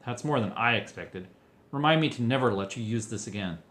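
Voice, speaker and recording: A man's voice: medium pitch, expressive, fairly quick, a bit bright, close to an everyday voice. A man voicing a firm, exasperated teenage boy who sounds weary.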